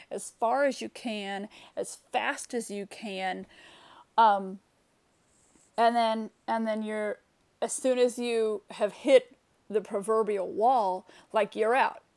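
A woman's voice: medium pitch, darkish tone. A woman telling a personal story straight to camera, candid and reflective, with frequent fillers and restarts. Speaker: vlogger.

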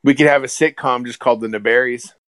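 A man co-hosting a casual podcast in a middle-pitched voice. He drops dry, joking asides into the conversation, heard on a close, dry mic. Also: steady tone, quick pace, a bit bright, no echo. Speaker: podcast co-host. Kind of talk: casual fan discussion.

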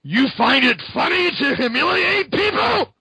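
A man doing a shouting, taunting superhero. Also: extremely high pitch, sing-song, a little slow, gravelly, no echo, pitched above the performer's own voice, exaggerated voice. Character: angry vengeful male superhero.

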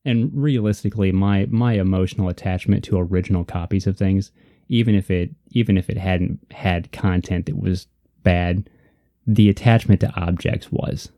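A man's voice: sits low, steady tone, moderate pace, mellow, no echo, clean studio sound. A man co-hosting a casual faith discussion, earnest and reflective, repeating points for emphasis. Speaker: podcast co-host.

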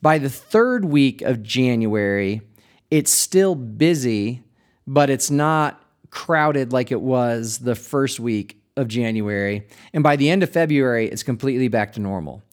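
Conversational pastor hosting a podcast. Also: male voice, medium pitch, lively intonation, a little slow. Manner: conversational, laughs lightly, restarts words. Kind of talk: reflective podcast monologue.

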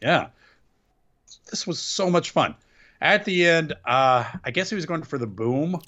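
A man co-hosts a wrestling podcast and talks through a match with excitable energy. His pitch swings widely as he gets worked up. The recording is muffled and lo-fi. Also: a little slow. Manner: excitable, animated recapping of a match. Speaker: podcast co-host. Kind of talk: casual wrestling podcast chat. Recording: dull lo-fi sound.

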